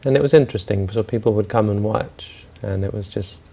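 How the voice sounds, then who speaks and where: Brief: male storyteller, dark gravelly voice, relaxed and unscripted. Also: on the low side, brisk. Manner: loose, with fillers and restarts. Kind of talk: spoken storytelling talk.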